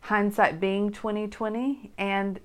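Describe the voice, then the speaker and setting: A middle-aged American woman co-hosting a casual chat with her husband, gentle and reflective, with many hesitations. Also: mid-range voice, little pitch movement, slow. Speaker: co-host, wife. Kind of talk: casual chat, poem reading.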